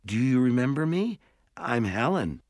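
A man's voice: mid-range voice, sing-song, measured pace, a little mellow, no room sound, clean studio sound, voice pushed up. A man voicing a mother of three who speaks hesitantly and politely.

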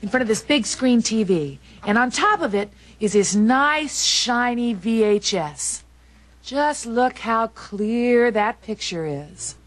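A drawling sitcom housewife. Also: female voice, a little high, animated, a little slow, a little hiss or hum. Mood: coaxing. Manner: drawling, sly and teasing. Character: brassy, lazy sitcom housewife. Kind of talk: sitcom acting. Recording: loud studio audience laughter.

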